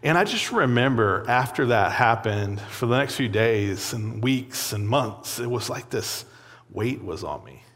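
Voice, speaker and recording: A man's voice: mid-range voice, animated, unhurried, a bit bright. A young man giving a sermon, telling a personal story in a loose, conversational way full of fillers and little laughs. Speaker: pastor. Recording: long hall reverb.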